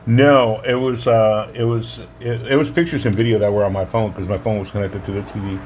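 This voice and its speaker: A man co-hosting a podcast, telling stories in a relaxed, joking way and calling his friend dude. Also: fairly low pitch, a little fast, a little hiss or hum. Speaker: podcast co-host. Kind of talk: casual chat.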